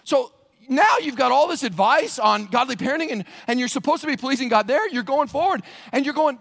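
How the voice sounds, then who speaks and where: A male pastor preaching a sermon, telling a story with lively acted-out voices and laughter. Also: extremely high pitch, a little fast, gravelly.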